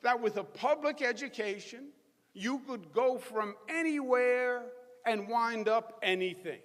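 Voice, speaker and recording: A man's voice: extremely high pitch, unhurried, fairly bright tone. A middle-aged man with a Queens New York accent giving a rousing, folksy political speech to a crowd in a large hall. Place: large college hall with live audience. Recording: echoey hall, long reverb.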